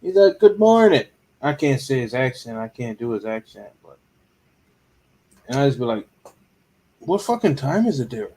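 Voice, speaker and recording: A man's voice: medium pitch, lively intonation, normal speed, long pauses, a little mellow, husky. A man on a casual late-night livestream chat, talking loosely, swearing, and laughing often.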